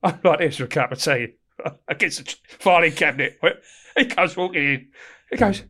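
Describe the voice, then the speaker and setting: At normal speed and with a fairly high-pitched voice, a middle-aged English ex-prison officer tells stories from prison. It's casual and animated: he swears constantly, laughs along and acts out what people said.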